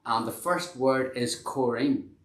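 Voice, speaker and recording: A man's voice: mid-range voice, steady tone, slow, noisy background. A man hosting a casual live-stream chat, rambling and self-deprecating with many restarts. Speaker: host and band member. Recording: echoey room.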